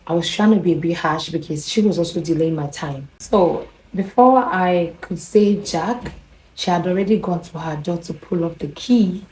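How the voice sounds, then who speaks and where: Deep, mellow Nigerian woman telling a story. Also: normal speed, a little hiss or hum, rough recording. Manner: rambling, animated, with restarts and quoted dialogue. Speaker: vlogger. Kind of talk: casual personal storytelling.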